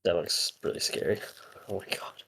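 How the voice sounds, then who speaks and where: A man's voice: normal speed, a bit bright. A young man co-hosting a podcast, chatting casually, rambling with lots of fillers and frequent swearing. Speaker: podcast co-host.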